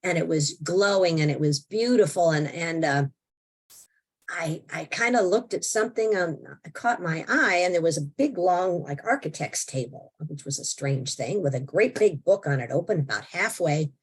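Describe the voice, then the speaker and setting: An older woman, an interview guest, telling a personal story in an animated, expressive way and acting out her own thoughts. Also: fairly low pitch, moderate pace, husky.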